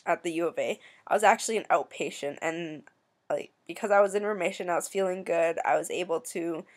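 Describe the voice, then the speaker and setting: Young canadian woman talking softly, halting and teary, lots of pauses. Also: on the low side. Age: young adult. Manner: soft, halting, emotional, many pauses. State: tearful. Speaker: vlogger. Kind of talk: personal storytelling.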